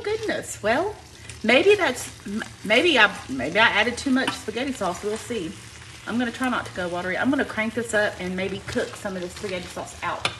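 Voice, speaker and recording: In her kitchen, an Alabama woman runs a live home cooking stream, greeting viewers by name and chatting folksily with plenty of "y'all." She clears her throat now and then from allergies. Her pitch is medium, and the background is noisy.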